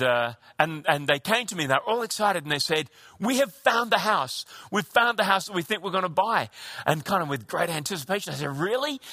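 A man's voice: on the high side, pushed and bright, dry recording, studio quality. A man preaching a sermon in an earnest, conversational way, often restarting his sentences. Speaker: pastor.

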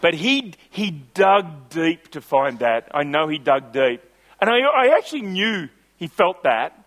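High-voiced man preaching. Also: sing-song, fairly bright tone. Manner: builds to emphatic, slowed phrases on key lines. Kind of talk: sermon with personal stories.

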